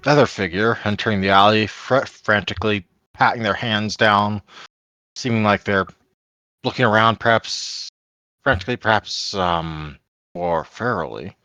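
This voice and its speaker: GM, male, low voice, dry close sound, searches for words with fillers. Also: normal speed, pushed and bright, no room sound, dull audio. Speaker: game master. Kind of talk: narrating a tabletop game.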